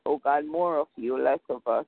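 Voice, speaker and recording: A woman's voice: low-pitched, normal speed, vocal fry. A woman closing a prayer call with a fervent spoken prayer and blessing, repeating "oh God" between phrases. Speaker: prayer line member closing in prayer. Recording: tinny phone line.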